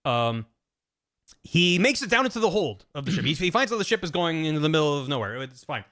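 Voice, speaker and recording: A man on a stream, casually retelling a game's story to friends in a rambling, animated way, dropping into quick voices for the characters. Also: fairly high pitch. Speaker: streamer explaining game plots.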